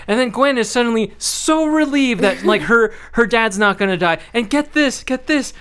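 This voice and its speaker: A man hosting a casual podcast, ranting animatedly and swearing freely as he recaps a film. His voice is high for a man, bright and smooth. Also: animated, moderate pace. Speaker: podcast host.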